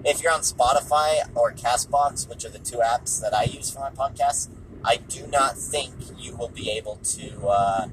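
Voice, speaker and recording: A man's voice: medium pitch, a bit bright, slight background noise, low-quality recording. A tired, hungry man hosting a casual solo podcast, offhand and dismissive, repeating himself, recorded in a car. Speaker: podcast host.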